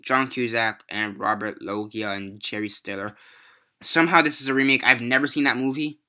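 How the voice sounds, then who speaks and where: A man's voice: mid-range voice, normal speed, bright, forceful tone. Profane young man ranting about movies. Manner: profane, rambling, exasperated. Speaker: movie reviewer. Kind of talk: casual ranting review.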